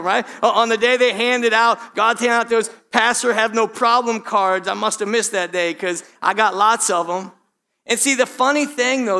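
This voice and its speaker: A male pastor, slightly hoarse, preaching a sermon in a conversational way, speaking straight to the congregation and repeating his points. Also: sits high, pushed and bright. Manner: conversational, direct address to the congregation, frequent repetition.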